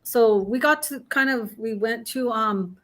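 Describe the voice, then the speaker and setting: A woman's voice: a little high, unhurried. A middle-aged woman guest in casual chat, telling a long story with many restarts and fillers. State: has the hiccups.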